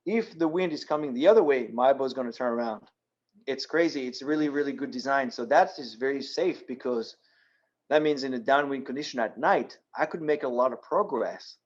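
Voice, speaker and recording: A man's voice: medium pitch, a little fast, highs cut off. A man from France with a French accent, a guest speaker answering audience questions in a practical, step-by-step way. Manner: practical, explains step by step with frequent ums and restarts. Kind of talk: presentation with audience Q&A. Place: yacht club meeting room.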